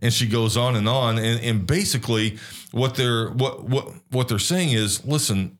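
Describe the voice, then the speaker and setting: A man's voice: medium pitch, unhurried, fairly bright tone. A man co-hosting a faith-based podcast in casual discussion, talking hesitantly with frequent restarts and fillers. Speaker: podcast co-host.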